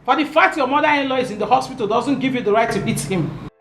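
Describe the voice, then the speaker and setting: A woman's voice: a little high, quick pace, echoey room, faint music behind, natural voice. An actress with a Nigerian accent playing a stern woman who scolds a careless driver. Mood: scolding. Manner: scolding, commanding.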